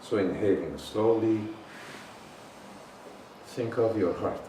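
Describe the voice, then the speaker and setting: A man leading a guided meditation as a healing teacher, intoning slowly and deliberately with long pauses. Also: lowish voice. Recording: roomy echo, voice far from the mic, faint noise.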